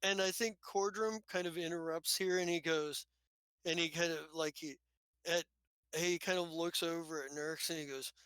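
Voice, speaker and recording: A man narrating as game master of a tabletop game, often halting and restarting his lines. His voice is bright and forceful, recorded dry and close. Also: fairly high pitch, steady tone, smooth, no echo.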